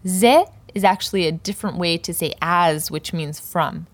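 A woman with a fairly low voice leads a poetry lesson, taking her time and sounding out each example word with care. The sound is dry and close, with no room echo. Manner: slow, careful pronunciation of example words. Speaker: Persian language teacher.

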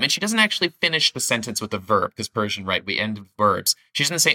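A man's voice: medium pitch, expressive, quick pace, hardly any pauses, sharp tone. A man co-hosting a language lesson, explaining phrases enthusiastically in a casual teaching chat, thinking aloud with restarts.

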